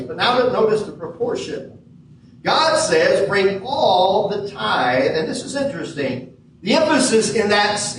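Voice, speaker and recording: High-voiced pastor preaching in an echoey church. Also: male voice, slight background noise. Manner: measured preaching with emphatic stresses. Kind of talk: sermon. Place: church sanctuary. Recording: echoey hall from far off.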